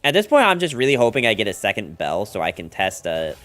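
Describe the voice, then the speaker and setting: An American man talking through a card game on his live stream, chatty and playful as he teases his chat. His voice sits at a medium pitch but moves around a lot. Faint music plays under him. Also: wildly swooping pitch, fast talker, a bit bright. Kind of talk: casual gameplay commentary.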